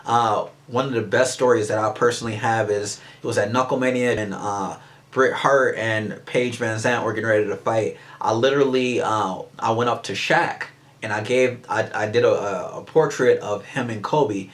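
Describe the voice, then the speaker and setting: A man with a lowish voice talks at normal speed. A memorabilia artist and show host, he tells stories eagerly in a casual interview, rambling and restarting often.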